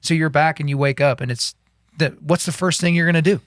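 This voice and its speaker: A man's voice: a little high, brisk, no room sound, clean studio sound. A man co-hosting a podcast, talking casually about a Bible passage and acting out imagined scenes as he tells them. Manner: animated storyteller, acts out imagined scenes. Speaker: podcast co-host.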